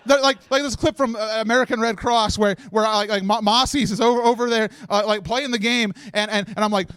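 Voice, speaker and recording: A man with a high, smooth voice gives a halting, tearful thank-you speech on a marathon stream set. He keeps restarting his sentences and laughs through his tears. The sound is dry and close. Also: steady tone, fairly bright tone, no echo. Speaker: marathon organizer giving closing speech. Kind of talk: emotional live speech. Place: stage set of a charity marathon livestream.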